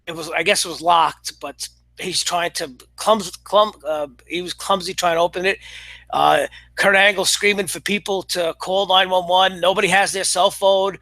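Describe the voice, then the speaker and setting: A man's voice: high-pitched, steady tone, pushed and bright, no room sound. Man ranting sarcastically about a show. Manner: exasperated, sarcastic, halting with many restarts and fillers. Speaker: wrestling commentator. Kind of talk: casual review monologue.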